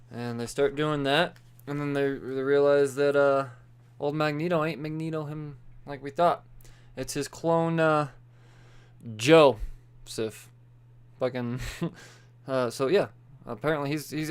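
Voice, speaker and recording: A man's voice: mid-range voice, animated, unhurried, clear, resonant tone. A young man hosting a solo comics podcast, rambling loosely and swearing freely while he sums up the week's issues, a little tipsy from beer. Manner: loose and profane, quoting characters in offhand voices. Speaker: podcast host reviewing comics. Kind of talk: casual solo podcast chat.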